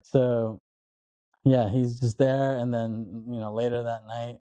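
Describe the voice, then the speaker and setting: A man's voice: medium pitch, dry recording. A man in his thirties co-hosting a podcast, casually retelling a movie scene by scene and acting out characters' lines. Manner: animated, acts out movie lines in quick impressions. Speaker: podcast co-host. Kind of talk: casual chat recapping a movie.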